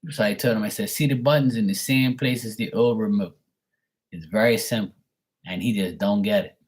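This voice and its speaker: A middle-aged tarot reader on a live stream rambles through a family story in casual chat, swearing and mimicking his relatives. His voice is on the low side, a little fast and a little mellow.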